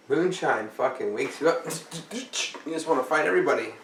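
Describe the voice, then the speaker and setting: A man's voice: a little high, animated, normal speed, fairly bright tone, slight background noise. Tired guy rambling and swearing on his vlog, kinda far from the mic, echoey room. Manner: rambling, profane and jokey. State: tired, yawning. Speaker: vlogger.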